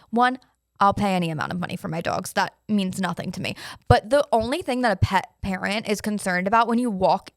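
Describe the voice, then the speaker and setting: A young woman rants through a story on her podcast, swearing often and jumping into frantic quoted replies. Her voice sits at an ordinary pitch, recorded close and dry with no room sound around her. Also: no room sound. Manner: animated storytelling, swears freely, acts out panicked quotes. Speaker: podcast host. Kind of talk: casual solo podcast monologue.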